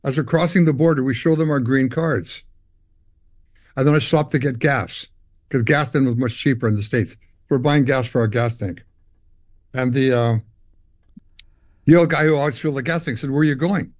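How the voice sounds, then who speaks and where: A man's voice: medium pitch, normal speed, pauses often, no room sound. An older Canadian man, a musician guest in an interview, telling long stories and acting out voices and guitar sounds. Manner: animated storyteller, acts out dialogue and guitar sounds. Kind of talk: storytelling interview.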